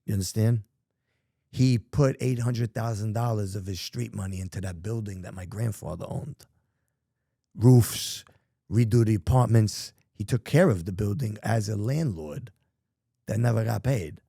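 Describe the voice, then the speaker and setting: New guy, gravelly and husky, swearing a lot, telling a story on a podcast. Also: fairly low pitch, moderate pace, dark tone, no echo, studio quality. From New York. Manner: profane, street-talking, emphatic. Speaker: podcast guest. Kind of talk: candid storytelling.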